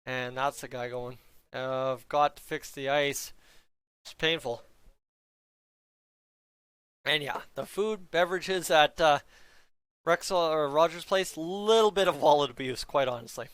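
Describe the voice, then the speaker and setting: A young man talks his viewers through a hockey game in casual, chatty play-by-play, tossing in jokes and side comments. His voice sits a little high and sounds smooth and clear. The recording is dry and close. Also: measured pace, long pauses, a bit bright, no echo. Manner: chatty, joking asides to viewers. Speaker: fan streamer reacting to a hockey game. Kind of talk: casual play-by-play reaction chat.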